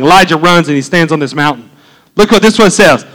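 A middle-aged man preaching a sermon as pastor, animated and conversational, with frequent asides. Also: on the high side, fairly quick, low-quality recording.

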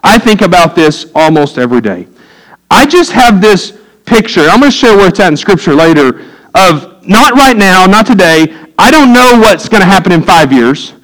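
A man's voice: high-pitched, sing-song, moderate pace, fairly bright tone, poor audio. A middle-aged man, preaching a sermon as pastor in a folksy way, with joking asides to the congregation.

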